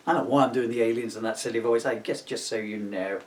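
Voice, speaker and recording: A man's voice: mid-range voice, fast, few pauses, far from the mic. A man reading his own comic book aloud, often laughing at his jokes and breaking off for asides.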